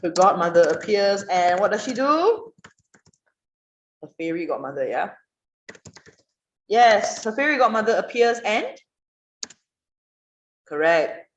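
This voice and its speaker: A woman teaching an online writing class, questioning students and praising their answers in a lively way. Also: medium pitch, slow, long pauses. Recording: roomy, dull online class audio.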